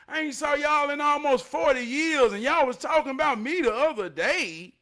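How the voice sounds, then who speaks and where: A man in his forties telling a neighborhood story from his youth, animated, swinging from loud bursts down to a hush. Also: very high-pitched, moderate pace, few pauses. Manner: animated, loud bursts, drops to hushed tones. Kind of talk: casual storytelling vlog.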